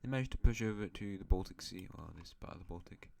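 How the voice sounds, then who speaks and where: A man's voice: low-pitched, quick pace, creaky, darkish tone. A man hosting an alternate-history map series, narrating in a rambling, chatty way with self-mocking asides. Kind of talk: casual map-game commentary.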